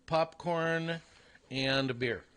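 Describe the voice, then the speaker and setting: A man with a bright, forceful voice co-hosts a relaxed sports radio show in the studio. His replies are short and easygoing, with the occasional joking aside. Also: fairly high pitch, takes it slowly, clear, resonant tone. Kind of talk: casual sports radio chat.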